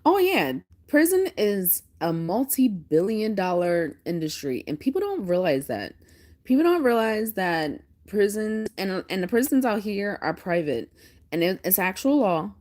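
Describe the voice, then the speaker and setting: A woman's voice: medium pitch, measured pace. A woman in her thirties from Pennsylvania, chatting casually with live viewers, laughing often and telling stories animatedly. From Pennsylvania, United States. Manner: laughs often, animated storytelling with playful put-on voices. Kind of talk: casual livestream chat.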